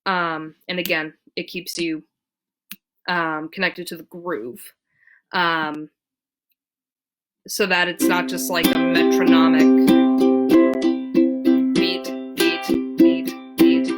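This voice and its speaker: A woman giving a casual ukulele lesson, talking in a relaxed way with many fillers and counting beats aloud. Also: on the low side, slow, long pauses, music in the background. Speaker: ukulele teacher. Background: ukulele strumming.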